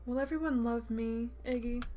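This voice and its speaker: A woman's voice: fairly high pitch, normal speed, warm tone, slight background noise, pitched above the performer's own voice, close to an everyday voice. A woman voicing a sadistic male captor with a teasing, purring manner while reading a visual novel aloud. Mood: menacing. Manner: teasing, purring, lilting questions. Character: sadistic mock-sweet male captor, menacing.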